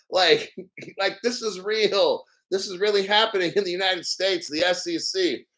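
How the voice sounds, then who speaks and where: A man's voice: high voice, measured pace, a bit bright. A man hosting a live stream, ranting in disbelief with frequent laughter and swearing. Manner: incredulous, laughs often, swears. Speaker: livestream host. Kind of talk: live commentary rant.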